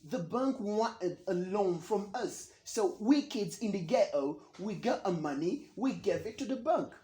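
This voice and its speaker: A bragging young man , as a comedian puts him on, rambles on about his own greatness, repeating himself over and over. His pitch swings lively up and down. The voice rings in a roomy, echoey space. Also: unhurried. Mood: boastful. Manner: rambling, boastful, repeats words. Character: boastful young Ugandan man bragging of football fame. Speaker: comedian doing an impression. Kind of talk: comedy parody monologue. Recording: roomy echo.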